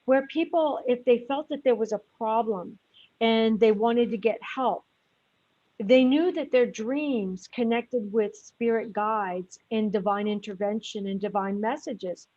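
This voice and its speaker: A woman hosts a radio interview, speaking in a measured, explanatory way. Her voice sits a little high. The sound is dry and close, with slightly muffled audio. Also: mellow, no echo. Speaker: host.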